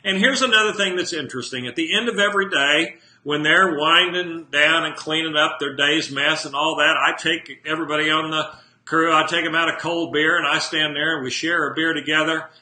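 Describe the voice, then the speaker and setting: Motivational speaker guy talking live from his office, blunt and punchy, sharp forceful voice, kinda echoey room. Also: fairly high pitch, steady tone, fairly quick. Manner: blunt, emphatic, questions the listener directly. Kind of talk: live video monologue to viewers.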